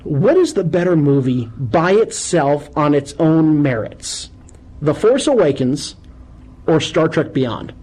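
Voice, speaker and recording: A man hosting a call-in radio show, chatting casually and animatedly with loud bursts of exclamation. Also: fairly high pitch, sing-song, slow pace, poor audio.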